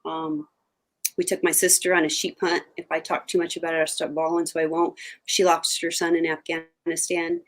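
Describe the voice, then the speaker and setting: A woman's voice: deep voice, little pitch movement, normal speed. An older woman and hunting show co-host, talking in a chatty, emphatic way in a casual interview. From Oregon.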